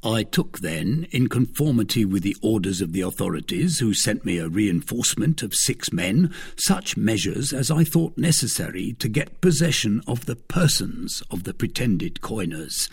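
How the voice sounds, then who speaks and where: A man voicing a timid, trembling male innkeeper in a storybook reading, speaking slowly and pleadingly. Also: on the low side, sing-song, creaky, slightly rough, heavily acted. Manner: slow, pleading, deferential.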